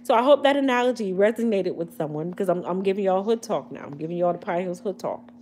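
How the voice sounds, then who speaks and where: A woman's voice: mid-range voice, expressive, quick pace, darkish tone, slight background noise. A woman hosting a casual hair care livestream, joking and using slang as she talks straight to her viewers. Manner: chatty, comedic, slangy, addressing viewers directly.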